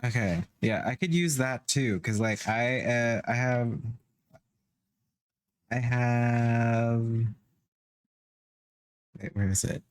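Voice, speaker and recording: A man playing a tabletop game who thinks aloud in quick, lively bursts. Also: medium pitch, clear, resonant tone, no echo. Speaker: player. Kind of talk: casual tabletop play.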